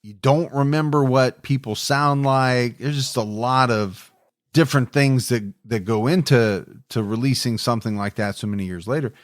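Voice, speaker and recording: A man narrating a true crime podcast in a measured, reflective way. His voice sits in an ordinary middle pitch. The recording is dry and close, with no room sound. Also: no room sound. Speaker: podcast co-host.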